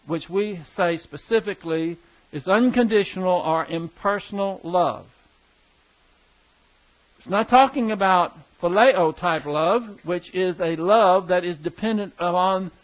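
High-voiced man preaching a sermon. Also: dull audio. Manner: teaching, emphatic with slow stressed words. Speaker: pastor.

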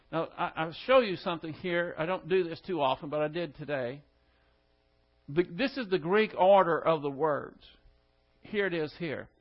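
A man's voice: fairly high pitch, normal speed, dull audio. A male pastor giving an expository Bible lesson, methodically explaining the word order of the Greek text.

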